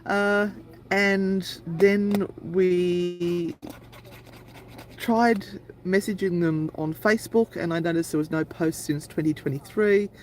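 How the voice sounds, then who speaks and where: A woman's voice: fairly low pitch, steady tone, takes it slowly, slight background noise, poor audio. A woman co-hosting a live stream, telling a long travel anecdote in a chatty, rambling way. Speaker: paranormal channel co-host. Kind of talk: casual live-stream storytelling.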